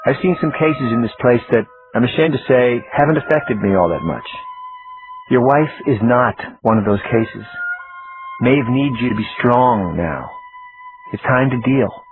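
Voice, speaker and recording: A man's voice: medium pitch, unhurried, close to an everyday voice. A man reading the part of a head nurse who is blunt, firm and caring. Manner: firm and direct. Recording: tinny phone-like audio, faint music.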